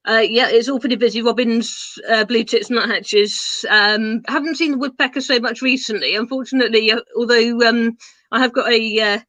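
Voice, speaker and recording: A woman talks hesitantly on a casual online gardening show, pausing often mid-sentence. Her voice is bright and mid-pitched, picked up dry and close by a video-call mic. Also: fairly even intonation, no echo. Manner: hesitant, many fillers and restarts. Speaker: gardening panelist.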